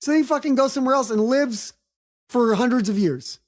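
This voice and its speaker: A woman co-hosts a casual podcast, her voice sitting a little high. She talks with eager energy and drops swear words without a second thought. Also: brisk, a little mellow. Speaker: podcast co-host. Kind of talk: casual chat.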